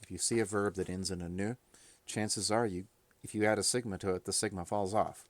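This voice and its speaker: A man's voice: lowish voice, steady tone, brisk. A man teaching a recorded grammar lesson, talking it through informally and thinking aloud as he goes. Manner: thinking aloud, informal, with fillers and self-corrections. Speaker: Greek teacher.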